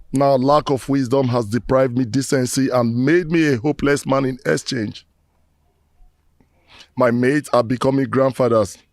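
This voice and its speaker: A man's voice: a little high, vocal fry, darkish tone, no room sound. A Nigerian-accented actor playing a disgraced man who solemnly laments to his ancestors in proverbs, in a Nollywood film drama.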